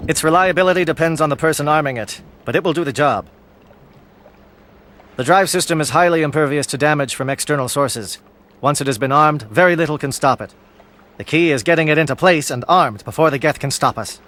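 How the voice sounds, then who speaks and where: An actor playing a stern, disciplined alien military captain in a video game, speaking in formal, clipped military phrases. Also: male voice, a little high, brisk, a bit bright, natural voice. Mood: resolute. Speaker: commander briefing troops.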